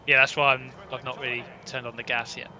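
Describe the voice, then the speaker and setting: An English man co-hosting, reacting excitedly and shouting out while playing a game. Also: mid-range voice, quick pace, a little hiss or hum. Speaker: co-host. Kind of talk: casual chat while gaming.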